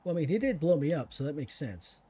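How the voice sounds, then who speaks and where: On the high side and sing-song, this fast-talking gaming streamer has a mellow, slightly rough voice. He provides casual let's-play commentary, muttering to himself and teasing enemies throughout.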